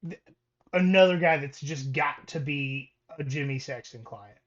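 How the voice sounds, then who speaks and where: Talking sports on a casual podcast, this co-host reads coaching stats at a measured pace, full of ums and restarts. His voice is a bit high for a man, and the sound is dull and lo-fi.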